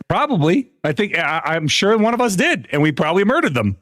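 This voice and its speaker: A man streams live and tells old gaming war stories in loose, profane chat, often laughing between lines. His voice sits a little high for a man and swings widely in pitch. The close mic gives a dry sound. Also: brisk, hardly any pauses, no echo. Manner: animated storytelling, swearing, frequent laughter.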